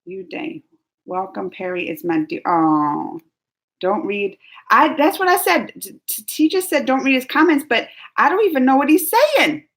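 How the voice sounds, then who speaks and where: A woman's voice: high-pitched, very animated, normal speed, fairly bright tone. A woman hosting a casual live stream, chatting and giggling as she reads viewer comments aloud. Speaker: YouTube reaction host.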